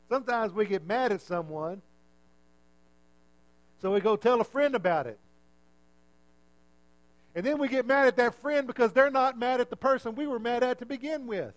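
With no echo on the recording, this high-voiced preacher keeps his sermon relaxed and chatty. He mocks himself, ribs his listeners, and lowers his voice to a quiet aside whenever a punchline arrives.

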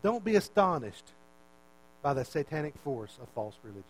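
A man's voice: fairly high pitch, sing-song, moderate pace, poor audio. A male preacher giving a conversational sermon, often repeating words and putting questions to his listeners.

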